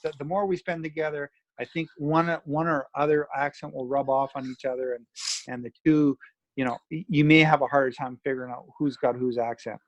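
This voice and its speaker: A man's voice: medium pitch, fairly even intonation, a little fast, dry recording, muffled recording. A man from Canada co-hosting a casual chat in an easygoing, reflective way. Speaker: podcast co-host.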